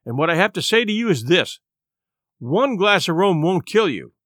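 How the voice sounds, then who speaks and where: A man's voice: high-pitched, sing-song, normal speed, fairly bright tone, dry recording, clean studio sound, exaggerated voice. A man reading an audiobook, voicing a blunt doctor who lectures firmly. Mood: stern. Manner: firm, scolding.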